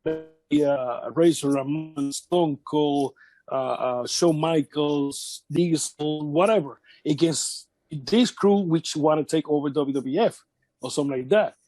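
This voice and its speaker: Man with a high voice telling wrestling stories. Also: a little mellow, dry recording. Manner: halting, repeats words, acts out quotes of others. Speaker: wrestling veteran interviewee. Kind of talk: casual shoot interview storytelling.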